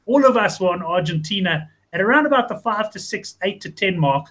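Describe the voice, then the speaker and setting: A man hosts a relaxed sports betting chat. His voice sits high and sounds bright and forward. He talks in loose, rambling runs full of restarts. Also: brisk, poor audio. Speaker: host.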